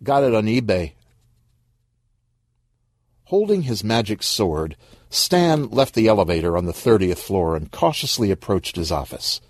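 A man narrating a short story in a wry, expressive storybook reading. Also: lowish voice, normal speed, no room sound, studio quality.

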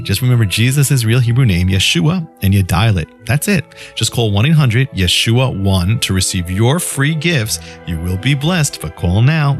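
A man giving a short devotional radio message, telling a story and then urging listeners to call for a free gift. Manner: storytelling, then fervent offer pitch. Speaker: radio minister.

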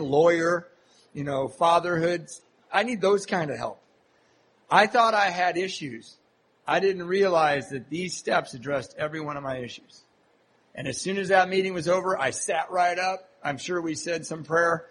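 A man's voice: on the high side, a bit bright, a little hiss or hum, rough recording. A man telling a humorous, self-mocking recovery story to a live audience at a meeting, from Southern California. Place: meeting hall before an audience.

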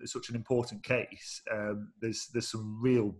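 A man's voice: fairly low pitch, little pitch movement, unhurried. A man from England hosting a casual podcast chat, steering the talk with many fillers. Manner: friendly, guiding the talk, hesitant fillers. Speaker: podcast host.

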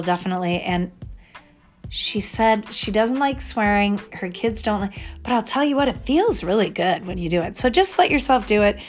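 A woman in her fifties, an astrologer hosting her own show, talking in a casual, digressive way with laughing asides. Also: on the low side. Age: 50s. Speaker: podcast host and astrologer. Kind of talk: casual rambling monologue.

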